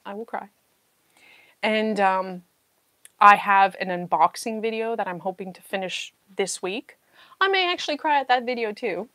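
A woman's voice: mid-range voice, animated, normal speed, pushed and bright, no room sound. A woman hosting a casual live-stream puzzle chat, talking to herself as she searches and laughing often. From New Zealand. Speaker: puzzle channel host.

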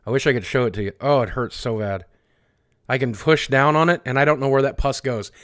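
A man's voice: medium pitch, brisk. A man hosting a casual livestream, rambling bluntly and with profanity as he answers chat questions aloud. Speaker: livestream host.

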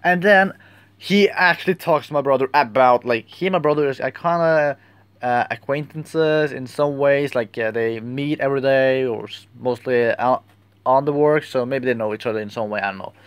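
A young man telling a rambling, halting story in a casual vlog, often searching for words. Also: mid-range voice, smooth, dry recording. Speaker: vlogger.

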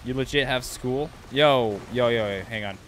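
A man streaming a video game, reacting excitedly to the action and chatting casually with his viewers. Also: mid-range voice, normal speed, slight background noise. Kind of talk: casual livestream commentary.

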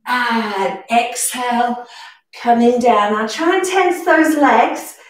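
A young woman instructor guides a brisk pilates class, cueing each inhale and exhale in a high, unhurried voice. She sounds slightly winded as she counts down reps. Her voice rings in a very echoey room, picked up from some distance. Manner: breath-cued, encouraging counting. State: slightly out of breath.

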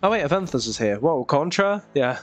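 A man's voice: fairly high pitch, very animated, fairly quick, soft background music. A young man giving casual, self-mocking commentary while playing a video game, laughing often. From Australia. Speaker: gaming youtuber. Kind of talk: casual let's-play commentary.

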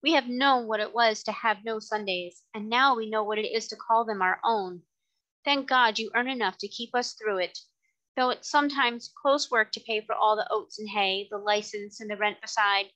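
Woman reading devoted cabman's wife, slow and firm; bright tone. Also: a little high, poor audio. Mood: resolute. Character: loving, resolute cabman's wife.

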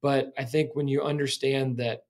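A man's voice: mid-range voice, little pitch movement, normal speed, a little mellow. A man from the Kansas City area co-hosting a casual podcast, talking reflectively in long metaphors. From Kansas City area, United States. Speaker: podcast co-host. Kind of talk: casual chat.

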